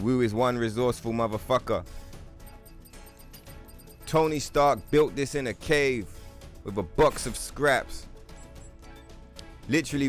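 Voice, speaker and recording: A man commenting loosely on a video game stream, cursing every few words. His voice sits at a middle pitch for a man, with faint music running underneath. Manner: profane, swears constantly. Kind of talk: casual gaming stream commentary.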